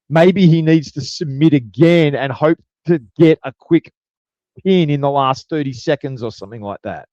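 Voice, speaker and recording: Man, podcast co-host, fairly high voice, rambling, dry dull lo-fi sound. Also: normal speed, mellow, no room sound. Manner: rambling, repeats words, acts out quotes. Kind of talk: casual podcast chat.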